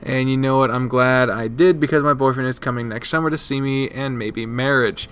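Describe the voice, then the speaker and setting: A man's voice: mid-range voice, steady tone, a little fast, fairly bright tone, clear, resonant tone. Casual swearing male streamer reading aloud. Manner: casual, swears, chats with viewers between read lines. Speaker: streamer playing a visual novel. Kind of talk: live stream chat and reading game text aloud.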